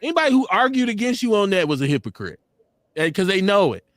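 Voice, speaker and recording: A man's voice: sits high, big pitch swings, quick pace, dry recording, clean studio sound. A man co-hosting a casual live-stream chat, blunt, joking and profane.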